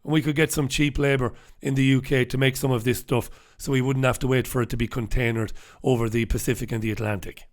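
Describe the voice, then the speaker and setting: A man's voice: mid-range voice, flat delivery, fast talker, hardly any pauses. A man from Ireland, hosting a live newspaper review in a brash, sarcastic manner, swearing freely and greeting viewers from the chat. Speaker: host.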